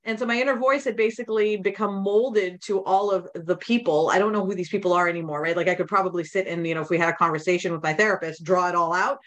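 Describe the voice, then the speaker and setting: Low-voiced woman telling her story. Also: steady tone, quick pace, few pauses. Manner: rambling, with many restarts and quoted inner thoughts. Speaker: podcast guest. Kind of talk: candid conversational storytelling.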